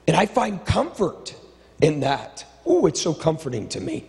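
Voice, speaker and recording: A middle-aged male pastor preaching a sermon with impassioned, repetitive phrasing, swinging between stirring build-ups and low, quiet asides. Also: wildly swooping pitch, moderate pace. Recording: long reverb of a large hall.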